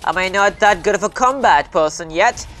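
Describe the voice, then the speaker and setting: A woman's voice: mid-range voice, lively intonation, normal speed, a bit bright, slight background noise. A woman chatting casually while playing a video game with friends, laid-back and joking. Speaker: gamer. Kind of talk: casual gaming chat.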